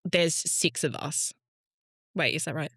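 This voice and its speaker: A woman's voice: low-pitched, a little slow, fairly bright tone, husky, no echo, clean studio sound. A woman co-hosting a podcast in casual chat, rambling and correcting herself as she goes. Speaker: podcast co-host.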